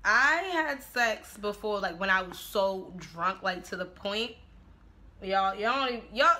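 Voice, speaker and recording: Brash, bright-voiced woman vlogger. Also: mid-range voice, animated, unhurried, a little hiss or hum. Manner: brash, profane and laughing. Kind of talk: casual get-ready-with-me chat. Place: at home, making dinner while filming.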